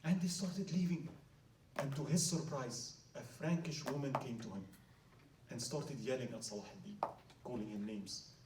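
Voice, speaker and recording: A man's voice: mid-range voice, moderate pace, noisy background. A man telling a story in a dramatic lecture, often asking the audience "right?", in a hall at an Islamic center. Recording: roomy hall, mic at a distance.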